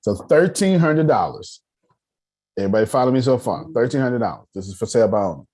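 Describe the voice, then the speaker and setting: A man's voice: medium pitch, fast talker, breathy edge. A man hosting an online meeting on personal finance, talking casually and animatedly, joking and calling on listeners. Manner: animated, calls on listeners, joking, lots of restarts. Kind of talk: casual teaching talk.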